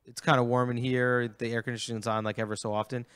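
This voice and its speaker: A man's voice: medium pitch, flat delivery, quick pace, a bit bright, smooth, dry recording. A man co-hosting a podcast, casually complaining about concert venues with lots of "like". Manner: complaining, heavy use of "like". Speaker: podcast co-host. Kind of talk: casual chat.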